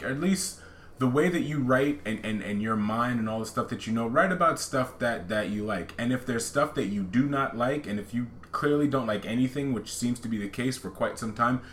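A man's voice: mid-range voice, a bit bright, echoey room, slight background noise. A man co-hosting a podcast, talking casually about films and often hesitating and starting over. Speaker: podcast co-host. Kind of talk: casual film chat.

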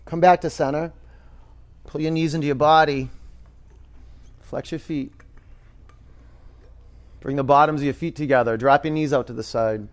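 A man teaching a yoga class in a studio, giving relaxed cues and talking loosely with fillers. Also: a little high, normal speed, pauses often.

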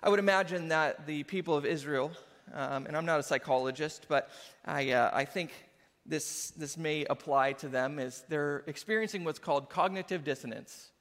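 Male pastor, sermon, high voice, lively, laughs a lot, reverb from a big hall. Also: normal speed. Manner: animated, quotes people in acted asides, laughs often.

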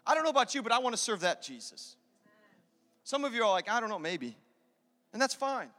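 A man preaching a sermon, impassioned, swinging between loud bursts and hushed moments. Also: very high-pitched, animated, quick pace, in a large hall. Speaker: pastor.

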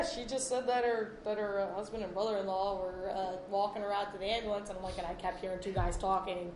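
A woman who works in EMS, telling a spirited story in casual chat and quoting others with lively voices. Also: medium pitch, fast talker. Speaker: EMS worker. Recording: echoey room with background noise.

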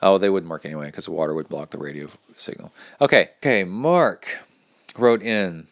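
A man hosting a casual podcast from his home training room, reading listener emails aloud and breaking in with jokey, excitable asides. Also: normal speed. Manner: excitable, jokey asides with sudden high-pitched exclamations. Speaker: podcast host.

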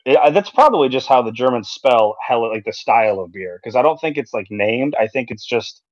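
A man's voice: mid-range voice, lively intonation, brisk, dry recording. A man co-hosting a casual podcast chat, telling a story in a rambling way with lots of ums and restarts. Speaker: podcast co-host. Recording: dry, slightly dull sound.

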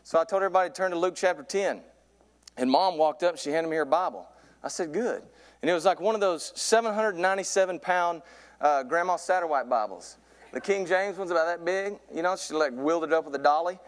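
A man in his thirties preaching a sermon from a church pulpit, telling a comic story and getting louder and higher as it builds. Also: fast talker. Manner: animated storyteller, voice climbs high in excitement. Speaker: youth pastor preaching.

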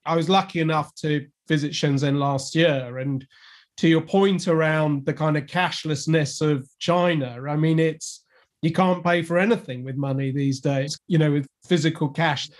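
Guy with a slightly high voice musing on a podcast, lots of "you know" and "i guess". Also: normal speed. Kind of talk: conversational podcast discussion.

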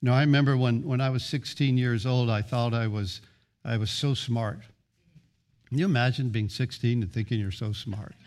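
A pastor preaching with rising emphasis, stacking short phrases into rhythmic lists. His voice sits at a middle pitch for a man. He stumbles and restarts words as he drives each point home. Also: moderate pace, a little mellow. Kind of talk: sermon.

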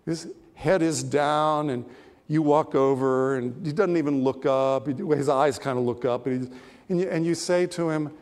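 A male pastor delivers his sermon in a relaxed, conversational storytelling manner, full of pauses and small asides. His voice sits a little higher than most men's. The sound carries a long reverb, as if picked up in a church sanctuary. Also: clean tone.

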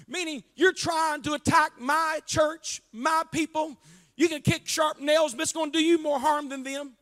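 Male pastor preaching loud and fervent, sharp tense voice, big echo from the church hall. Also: very high voice, fairly even intonation, normal speed. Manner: impassioned preaching, often shouting and drawing out words. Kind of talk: sermon. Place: church sanctuary. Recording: long reverb of a church hall.

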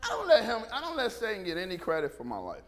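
A man's voice: high-pitched, wildly swooping pitch, quick pace. A man in his fifties, a pastor giving a casual, storytelling sermon who acts out the voices of the people he talks about and laughs often. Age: 50s. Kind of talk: conversational sermon.

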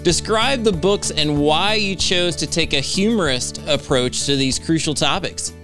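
A man hosts a radio talk show, opening a segment with a quick, scripted introduction. His voice is a touch higher than usual. Music plays clearly under him. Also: bright, forceful tone. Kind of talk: interview hosting.

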